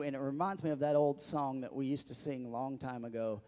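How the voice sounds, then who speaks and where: A man's voice: mid-range voice, fairly even intonation, fairly quick, few pauses, dark tone, in a large hall. A male pastor preaching a sermon, asking the congregation questions and calling for their responses.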